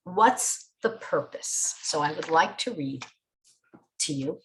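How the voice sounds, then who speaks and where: A woman teaching a class at an unhurried pace, her fairly low voice rising and falling through a wide range. She sets her points out in measured phrases, leans on key words and speaks straight to the listeners. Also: expressive, a bit bright, slight background noise, poor audio. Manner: measured, with deliberate pauses and stressed words; addresses the listeners directly. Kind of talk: spoken lecture on faith.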